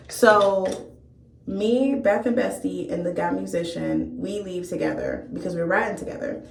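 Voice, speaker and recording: A woman's voice: medium pitch, normal speed, mellow. A young woman vlogger telling a storytime tale in a candid, profane, amused way. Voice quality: gravelly vocal fry. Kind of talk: storytime chat. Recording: echoey room.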